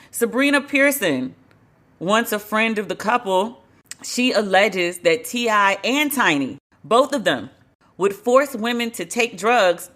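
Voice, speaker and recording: A woman with a bright, forceful voice hosts a gossip podcast. She talks bluntly and wryly, drops casual swear words and laughs at her own asides. Her pitch sits at an ordinary middle level. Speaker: podcast host.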